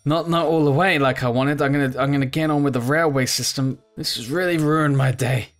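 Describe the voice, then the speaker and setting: A man giving let's play commentary as he plays a game. He rambles, talks to himself and yells at the characters on screen. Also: fairly high pitch, steady tone, fairly quick, faint music behind. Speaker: gaming channel host.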